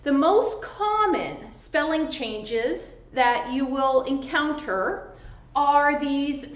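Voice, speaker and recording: A woman English teacher giving a slow, deliberate grammar lesson, spelling out letters and stressing syllables carefully. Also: sits high, fairly bright tone. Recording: echoey room, dull lo-fi sound.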